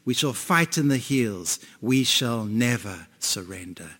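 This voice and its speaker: Guy doing a defiant old british statesman, slow solemn speech, big hall echo. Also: medium pitch, lively intonation, fairly bright tone, voice pushed down. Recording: long reverb in a hall.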